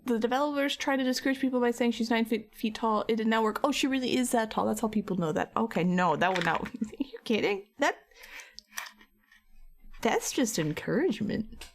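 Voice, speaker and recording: Painting while she streams, a chatty young woman talks casually to her chat, greeting viewers by name and giggling often. Her voice is slightly high and a little fast. She uses a desk mic at home, and there's a bit of hiss or hum.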